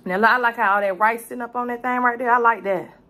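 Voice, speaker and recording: A woman's voice: a little high, fairly even intonation, fast talker. A woman doing a casual mukbang as a cooking vlogger, profane and chatty, calling the viewer "baby". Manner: loud, salty and profane, talks to the viewer as "baby". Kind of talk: casual mukbang eating commentary.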